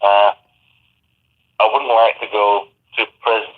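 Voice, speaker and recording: A halting man rambles down a tinny, phone-like line, stumbling through pauses and fillers. His voice sits low, and the phone call clips the sound thin and narrow. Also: flat delivery. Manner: hesitant, halting, many fillers. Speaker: phone-in caller.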